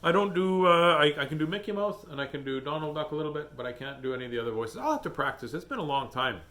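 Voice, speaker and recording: Playful, lively-voiced middle-aged man. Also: on the high side, fast talker. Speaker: host reading children's books. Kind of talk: storybook reading and casual livestream chat.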